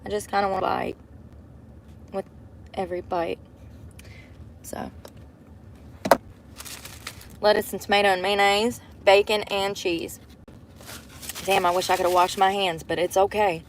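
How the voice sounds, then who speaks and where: A woman's voice: mid-range voice, little pitch movement, moderate pace, long pauses, slight background noise. A woman live-streaming from inside her car on a phone camera, chatting to viewers in a casual, profane way. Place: inside a parked car at a drive-thru.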